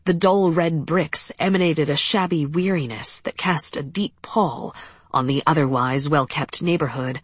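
A woman narrating a historical novel in an expressive, storytelling manner. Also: low voice, unhurried, breathy edge, no echo. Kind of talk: audiobook narration.

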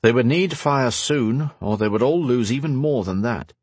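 A man narrating a fantasy audiobook in a measured, even storytelling manner. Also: mid-range voice, breathy edge, no room sound. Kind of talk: scripted narration.

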